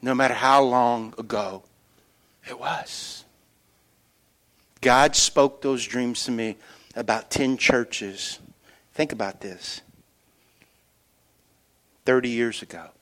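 A middle-aged man preaching a sermon as pastor, telling stories with animated energy and dropping to quiet, earnest emphasis. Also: mid-range voice, takes it slowly, pauses often. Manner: animated storytelling that shifts between loud excitement and quiet earnest emphasis.

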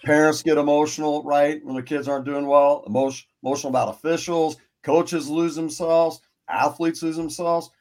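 A man's voice: a little high, level tone, normal speed, hardly any pauses, darkish tone. A man hosting a casual podcast interview, asking earnest questions and thinking aloud with fillers. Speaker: podcast host.

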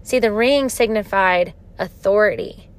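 Slow, earnest woman giving a devotional. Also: mid-range voice. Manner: earnest, heartfelt. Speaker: podcast host giving a devotional talk. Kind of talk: devotional teaching.

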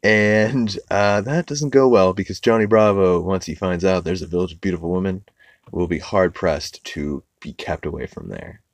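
A man's voice: low voice, moderate pace, dry recording. A young man hosting a podcast, recapping cartoons in a loose, rambling way, swearing freely. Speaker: podcast host.

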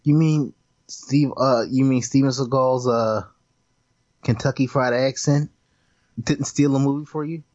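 A man's voice: medium pitch, steady tone, unhurried, pauses often, darkish tone, no echo, dull audio. A man co-hosting a movie podcast, talking casually with stammers and restarts. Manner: hesitant, stammers, laughs at his own jokes. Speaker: podcast co-host. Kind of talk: casual movie-review chat.

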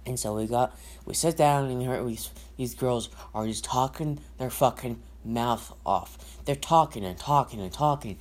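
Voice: mid-range voice, moderate pace. A podcast host talking alone in a rambling, repetitive way, full of swearing and restarted sentences. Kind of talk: casual solo rant and storytelling.

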